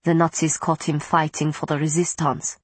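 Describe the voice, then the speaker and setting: A woman voicing a proud ancient female vampire matriarch, speaking slowly and formally. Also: low voice, little pitch movement, breathy edge, no room sound. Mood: stately.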